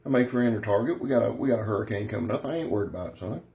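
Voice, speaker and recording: Gravelly folksy man. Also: on the low side, expressive, rapid-fire, warm tone. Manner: folksy, rambling, brash, keeps calling viewers "son". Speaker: knife reviewer. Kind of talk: casual product review.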